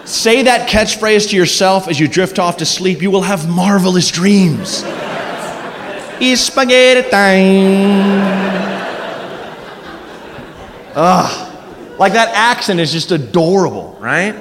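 A man doing a stand-up comedy set on a club stage, animated and quick to slip into silly voices. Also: high-pitched. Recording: live club recording with hall echo and noise.

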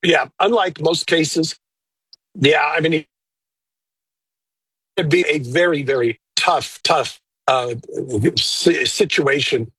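A man who works as a lawyer, giving blunt, opinionated but measured answers in an interview. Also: fairly high pitch, bright, forceful tone, husky, dry recording, poor audio. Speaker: lawyer guest.

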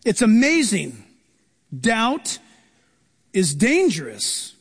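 High-voiced animated preacher in echoey hall. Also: male voice, drawn-out words, husky. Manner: animated, acts out quoted voices. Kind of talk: sermon.

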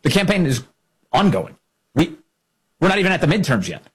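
A man's voice: fairly high pitch, very animated, a little fast, husky. A man hosting political commentary, sarcastic and indignant, mocking the people he quotes. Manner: sarcastic, indignant, mocks quotes with put-on voices.

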